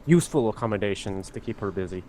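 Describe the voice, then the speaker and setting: A man's voice: lowish voice, lively intonation, quick pace, mellow, a little hiss or hum, natural voice. A man playing a young dwarf runesmith apprentice in a tabletop game, speaking in a solemn, formal way. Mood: grave.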